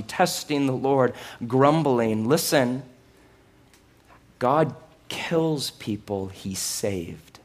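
In a medium-pitched voice, a male pastor delivers a lively sermon full of loud outbursts, quiet asides, and humor that is sarcastic and pokes fun at himself.

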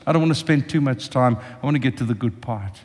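A man's voice: medium pitch, quick pace, darkish tone. An older man preaching a sermon with passion, speaking directly to his congregation. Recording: long reverb of a large hall.

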